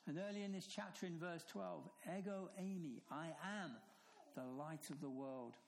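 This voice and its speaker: A man preaching a sermon, emphatic, slowing down and dropping low on key phrases. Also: vocal fry, poor audio.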